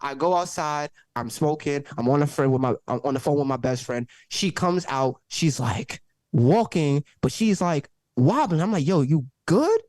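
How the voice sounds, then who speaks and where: A man telling a story on a podcast by video call, animated, swearing freely and acting out the people in it. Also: on the high side, normal speed, no room sound. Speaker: podcast guest. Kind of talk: casual storytelling. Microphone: own mic, peaking.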